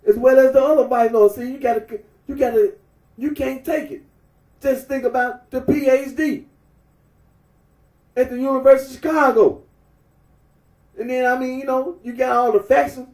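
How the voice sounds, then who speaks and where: A man's voice: very high-pitched, steady tone, normal speed, a little mellow. A man delivering a repetitive, emphatic, scolding rant to camera. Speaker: vlogger. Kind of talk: ranting monologue. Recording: echoey room, far from mic.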